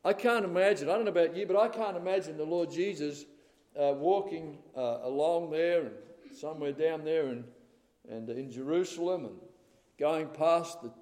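Older male preacher, emphatic sermon delivery, slightly high voice, long church reverb. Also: moderate pace. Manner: emphatic, rising to loud stresses, calls of "amen?". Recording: reverberant hall.

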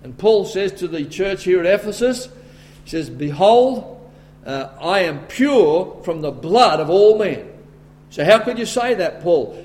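High-voiced Australian man preaching emphatically. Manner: emphatic, rising to forceful bursts. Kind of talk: sermon.

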